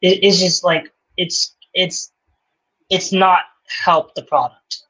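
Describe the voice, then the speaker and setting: A man's voice: sits high, steady tone, slow, pushed and bright, rough recording. A man co-hosting a basketball watch party, giving blunt opinions and short replies in casual chat. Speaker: co-host of a sports watch party.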